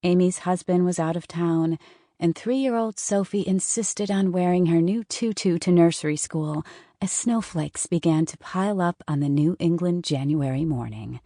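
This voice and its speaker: A woman's voice: lowish voice, normal speed, warm tone, no room sound, clean studio sound. A woman narrating a self-help audiobook in a wry, conversational reading. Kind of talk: scripted narration.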